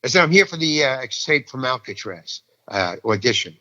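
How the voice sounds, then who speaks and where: An older man with a medium-pitched, sing-song voice and a sharp tone tells an audition anecdote at normal speed, restlessly acting out each person and repeating himself often. He's an actor spinning an animated story, and the dull-sounding recording carries a long reverb tail.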